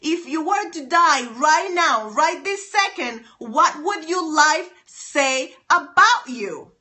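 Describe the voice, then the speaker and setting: A woman's voice: high voice, lively intonation, takes it slowly, pushed and bright. A woman hosting a live phone stream, giving an emphatic, preachy motivational talk, repeating her lines and answering viewer comments.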